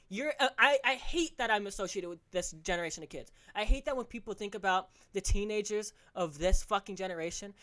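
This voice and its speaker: A man's voice: sits high, fairly bright tone. A teenage male podcast host delivering a heated, profane solo rant, scolding his listeners directly. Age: teens.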